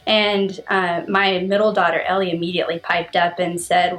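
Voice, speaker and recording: A woman in her thirties talking earnestly to camera about anger, retelling a story with animated emphasis. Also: on the low side, moderate pace, faint music behind. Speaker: vlogger. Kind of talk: casual reflective monologue.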